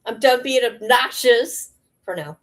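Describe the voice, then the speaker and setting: A woman's voice: a little high, expressive, a little slow. A woman streamer delivering a confrontational, rambling rant to her viewers, full of fillers and repeated challenges. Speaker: live streamer. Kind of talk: ranting live stream monologue.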